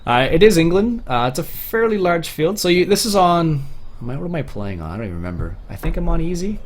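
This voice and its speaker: A man's voice: on the high side, sing-song, fast, a little hiss or hum. A young Canadian man from Ontario chatting casually through a livestream, rambling with fillers and restarts. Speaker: streamer.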